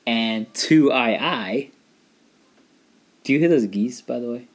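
A man's voice: mid-range voice, slow pace. A middle-aged man from England, talking in a wry, rambling, digressive monologue. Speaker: vlogger. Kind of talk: casual monologue.

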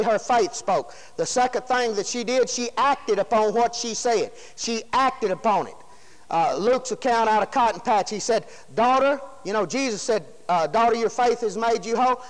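High-pitched folksy preacher. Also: male voice, moderate pace. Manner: folksy, emphatic, rhetorical questions to the congregation. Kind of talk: sermon. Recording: long hall reverb.

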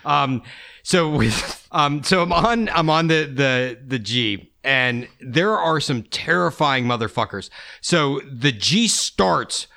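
A man's voice: medium pitch, animated, slow pace, creaky, pushed and bright. A man in his thirties hosting a podcast, telling rambling, profane stories in casual chat. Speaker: podcast host.

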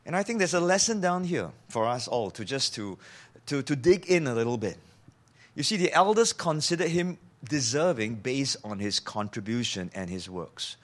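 A man's voice: on the high side, very animated, moderate pace, a bit bright. Man preaching. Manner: conversational, asks the listeners questions; acts out quoted speech in shifting voices. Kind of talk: sermon.

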